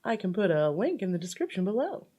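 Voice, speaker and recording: A woman's voice: mid-range voice, sing-song, fast, dark tone, slightly rough. A woman chatting casually through a makeup tutorial, rambling with lots of fillers and playful asides. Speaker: makeup vlogger.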